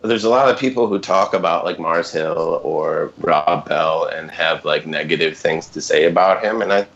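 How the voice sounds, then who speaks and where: A man's voice: low-pitched, moderate pace, fairly bright tone, dull audio. A man in his thirties, a podcast guest, telling a personal story casually, rambling and often interrupting himself with fillers and asides.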